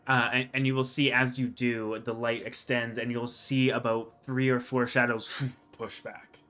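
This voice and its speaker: Man narrating a tabletop game, bright tone. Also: medium pitch, little pitch movement, a little slow, clear, resonant tone. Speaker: dungeon master.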